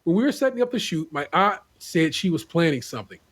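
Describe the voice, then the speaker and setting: A male podcast host reads forum posts aloud in a relaxed, joking way and swears freely. His voice is husky and sits a bit high for a man. He chats casually between readings. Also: fast. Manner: laid-back, wisecracking, profane.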